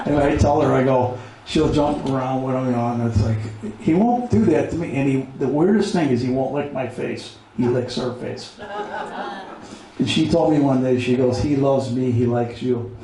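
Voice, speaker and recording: A man's voice: mid-range voice, moderate pace, noisy background. Man from Pennsylvania, rambling veteran storyteller, recorded in a very roomy space. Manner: rambling, repeats words, breaks off to give his dog commands. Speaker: veteran with a service dog. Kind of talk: casual spoken storytelling. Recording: very echoey room, mic far off, faint ambience.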